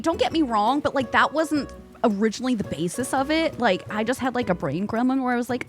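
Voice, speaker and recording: A woman streamer chatting casually, reading and answering her chat aloud and jumping high in pitch when excited. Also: normal speed, pauses often, soft background music.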